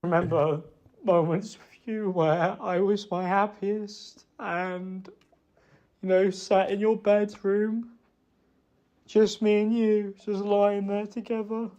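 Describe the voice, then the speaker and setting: A man's voice: high voice, flat delivery, mellow, dull audio. A man in a played message, rambling through an emotional apology and blaming himself. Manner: halting, self-reproaching, rambling.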